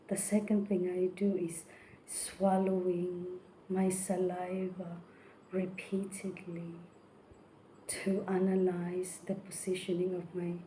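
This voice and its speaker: Halting, soft-spoken woman explaining singing technique. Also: fairly low pitch, slight background noise. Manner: halting, many fillers and restarts, partly whispered. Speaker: vocal technique presenter. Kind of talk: casual spoken tutorial.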